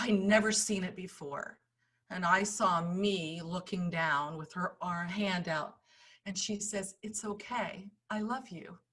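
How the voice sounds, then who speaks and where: Emphatic woman with a bright voice. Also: medium pitch. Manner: emphatic, swings between loud urging and hushed storytelling. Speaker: summit speaker. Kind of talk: impassioned motivational talk.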